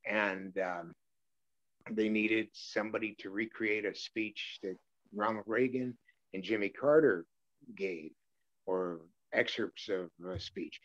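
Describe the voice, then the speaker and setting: Low-voiced voice actor from Brooklyn. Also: male voice, takes it slowly, no echo, muffled recording. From Brooklyn, New York. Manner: rambling, chuckling storyteller with many fillers. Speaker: voice actor guest. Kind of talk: casual interview chat.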